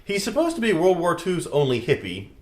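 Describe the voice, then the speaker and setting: A man's voice: high voice, wildly swooping pitch, a little fast. A man guesting on a comedy review show, recapping a film's plot in a wry, joking way. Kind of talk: comedic movie recap narration.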